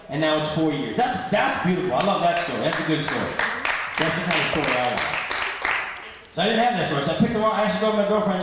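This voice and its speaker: A man's voice: sits high, fairly bright tone, a little hiss or hum. A man in his thirties doing a rambling, self-deprecating stand-up comedy set on a club stage. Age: 30s. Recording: echoey club hall. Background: audience laughter.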